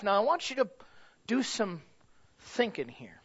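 A man preaching a sermon, telling stories and building to loud, emphatic points. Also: sits high, sing-song, measured pace, husky. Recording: dull lo-fi recording.

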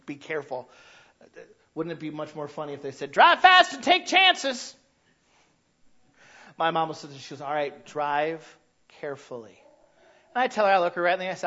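A man in his thirties delivers a lively sermon, telling stories and acting out parents' shouts. His voice sits high for a man. The recording sounds a little dull and muffled. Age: 30s. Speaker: pastor.

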